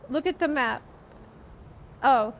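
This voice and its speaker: A young woman streamer giving casual, excitable commentary while gaming, chatty and swearing now and then. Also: high-pitched, slow pace, highs cut off, slight background noise.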